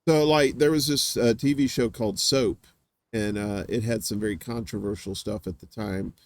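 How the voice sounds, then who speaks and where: A man hosting a casual live-stream chat, telling rambling stories full of filler words and dropping into quick voice impressions. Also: fairly low pitch, fairly even intonation. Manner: does quick voice impressions of others. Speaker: host.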